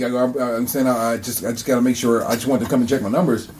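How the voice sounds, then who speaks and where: A man's voice: medium pitch, fast, a little hiss or hum. A man co-hosting a podcast, chatting casually and telling stories with acted-out dialogue. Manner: animated storyteller, acts out quoted dialogue, frequent restarts. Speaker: podcast co-host. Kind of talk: casual chat.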